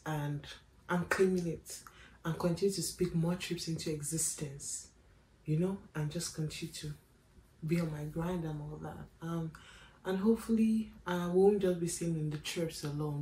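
A woman's voice: sits low, dark tone, slight background noise. A young woman, chatting casually and animatedly to camera in a travel vlog, full of slang and easy laughs. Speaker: travel vlogger. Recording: echoey room with faint ambience.

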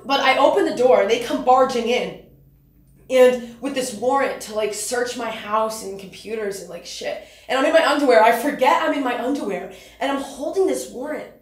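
A woman's voice: a little high, moderate pace, echoey room, close to an everyday voice. A young woman acting in a stage monologue, playing a laid-back stoner who rambles and swears. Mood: rambling. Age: young adult. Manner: rambling, loose and profane. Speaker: student actor.

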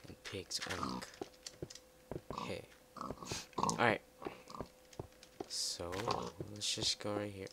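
Slow-talking, gravelly male gamer; chatty commentary with excited bursts. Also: low voice. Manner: chatty, mutters to himself, excitable outbursts. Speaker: let's play gamer. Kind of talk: casual gameplay commentary. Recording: loud background noise with keyboard typing.

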